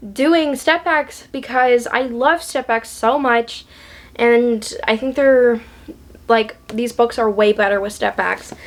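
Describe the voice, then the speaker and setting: A woman's voice: a little high, a bit bright. A woman book vlogger in a casual chat, gushing and chatty, with lots of ums and likes.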